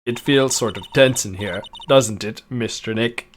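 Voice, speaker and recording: A woman voicing a gentle, respectful young female assistant in a fan dub of a game. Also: very deep voice, a little slow, slight background noise, pitched below the performer's own voice. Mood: uneasy. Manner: gentle, respectful, calls him "Mister Nick".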